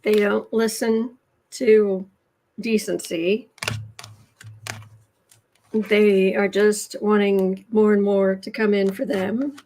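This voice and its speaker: A woman co-hosting a casual political tarot livestream, chatty and quick to laugh. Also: medium pitch, level tone, warm tone, a little hiss or hum. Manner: chatty, laughs easily, talks with her mouth full. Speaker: tarot reader co-host.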